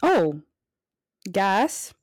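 A woman's voice: medium pitch, big pitch swings, very slow, no echo, clean studio sound. A young woman co-hosting a casual podcast, joking crudely and playfully. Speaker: podcast co-host. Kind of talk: casual chat.

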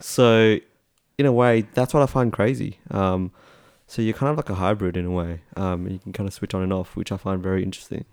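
An Australian man chatting as a podcast co-host, relaxed and halting, with many fillers. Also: low voice, smooth, dry recording, clean studio sound. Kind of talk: casual chat.

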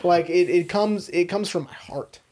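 A man's voice: high-pitched, moderate pace, darkish tone. Laid-back man riffing on a podcast. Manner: casual, laughing, fired-up. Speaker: podcast co-host. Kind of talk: casual chat about movies.

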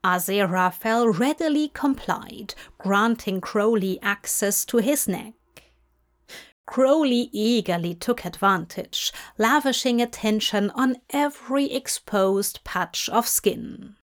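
A woman reading a story aloud in a soft, hushed narration. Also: medium pitch, takes it slowly. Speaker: reader. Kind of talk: audiobook narration of fan fiction.

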